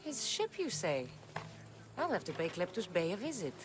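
Low, cool greek warrior, game music under her, swoopy delivery. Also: big pitch swings, normal speed.

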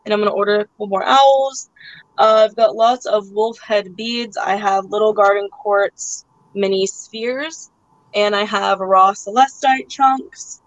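A woman runs a live online sale, talking in a loose, chatty way with many "like"s and "um"s. Her voice sits at an ordinary pitch and sounds close and dry. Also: no echo, muffled recording. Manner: chatty, full of "like" and "um" fillers. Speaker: live auction seller. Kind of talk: casual live-stream sales chat.

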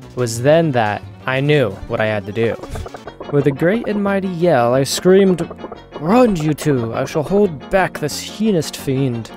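A man's voice: fairly high pitch, expressive, measured pace, darkish tone, faint music behind. A man voicing a boastful older male adventurer who tells grand, dramatic tales in a video game. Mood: grandiose. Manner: grandiose storytelling.

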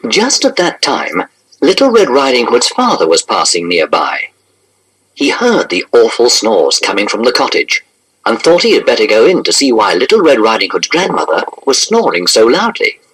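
A man reading a children's storybook aloud in an expressive, animated narration. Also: medium pitch, normal speed, a little hiss or hum, poor audio.

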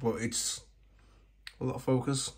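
A man doing casual taste-test commentary as a food vlogger, chatty and self-mocking, who keeps clearing his throat. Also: medium pitch, flat delivery, takes it slowly.

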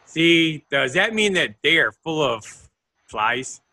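A man co-hosting a comedy podcast, playful and quick with jokey asides, sometimes stammering as he starts. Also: a little high, big pitch swings, sharp tone. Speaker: podcast co-host. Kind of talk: casual comedic chat.

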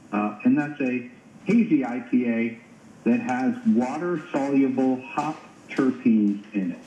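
A man's voice: mid-range voice, a little slow, mellow, a little hiss or hum. A man calling into a radio show by phone to share beer news, explaining at length and repeating words as he thinks. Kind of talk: casual radio chat. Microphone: phone line. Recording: dull phone-line sound, roomy.

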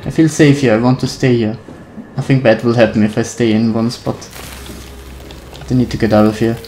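A gaming video creator giving nervous let's-play commentary on a horror game, talking to themself and humming la-la to stay calm. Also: medium pitch, fairly quick, a little hiss or hum, rough recording. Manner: nervous, talks to self, hums la-la to calm down.

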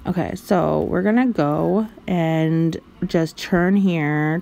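A woman's voice: sits low, slow pace, creaky, mellow, muffled recording. A woman vlogger giving goofy, sing-song commentary while playing a driving game. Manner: silly, giggly, sing-song rambling.

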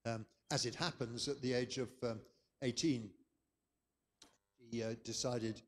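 A man's voice: mid-range voice, steady tone, a little slow, big-room sound. An older man from England, giving a chatty, anecdotal conference lecture. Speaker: keynote speaker.

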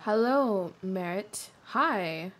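A woman's voice: medium pitch, expressive, extremely slow, fairly bright tone. Giggly young woman gaming host. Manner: giggly, laughs constantly. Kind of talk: casual let's-play commentary.

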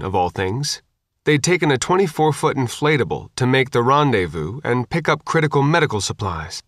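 This audiobook narration comes from a man telling the story in a calm, even, measured manner. His voice is mid-range, captured as clean studio sound without any room sound.

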